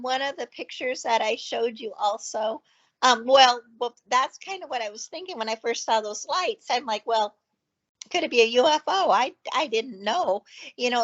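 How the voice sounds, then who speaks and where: A woman who owns a ranch, chatting as a guest and telling stories in an excited, rambling way full of fillers. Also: on the high side, a little slow. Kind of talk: casual chat. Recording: dull lo-fi call audio.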